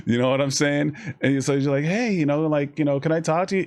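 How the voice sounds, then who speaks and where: A man streaming live, giving casual, profane, rambling life advice to his chat and slipping into quick mock voices. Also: fairly high pitch, darkish tone.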